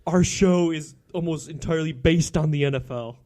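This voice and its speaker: A man's voice: a little high, moderate pace, darkish tone. A young man co-hosting a casual sports podcast, teasing his partner and cheerfully plugging the show. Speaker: podcast co-host.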